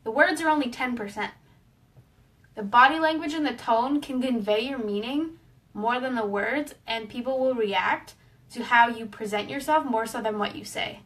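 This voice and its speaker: Friendly woman educator, a touch high-pitched, talks through a relaxed lesson; recorded a little far off. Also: normal speed. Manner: friendly, explanatory, with small fillers. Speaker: pet wellness educator. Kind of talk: casual online lesson.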